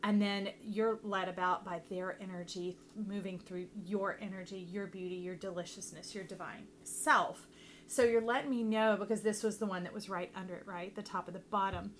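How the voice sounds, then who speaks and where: A chatty woman talks her viewers through a tarot spread in a casual, affectionate way. Her voice sits in an ordinary middle pitch, and she often breaks into laughter. A faint hum of room ambience sits under her voice. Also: fairly even intonation, normal speed. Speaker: tarot reader. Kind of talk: casual tarot reading to camera.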